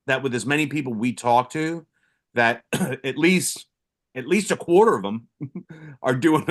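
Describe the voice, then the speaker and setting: A man's voice: mid-range voice, a bit bright. A middle-aged man, a retired first responder co-hosting a support show, telling stories in a blunt, rambling way with frequent profanity and restarts. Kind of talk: casual storytelling.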